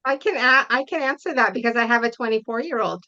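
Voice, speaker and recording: A woman's voice: on the high side, quick pace, bright, forceful tone, muffled recording. A middle-aged woman, a parent coach, answering interview questions earnestly and often checking that the listener follows. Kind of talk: interview guest.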